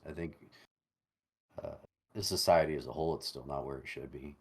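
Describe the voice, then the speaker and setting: Podcast guest: man, late 30s, with a very low, deep voice. His talk is thoughtful, halting and full of restarts. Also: slightly rough. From United States. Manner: reflective, halting, repeats words while searching. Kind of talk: casual conversation over a call.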